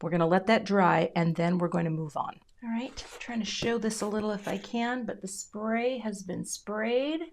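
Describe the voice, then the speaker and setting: A middle-aged woman narrating a casual crafting tutorial, chatty and relaxed, often dropping into a whisper as she concentrates. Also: medium pitch, moderate pace, vocal fry, hardly any pauses, slight background noise. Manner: drops into whispers while concentrating. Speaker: card-making crafter.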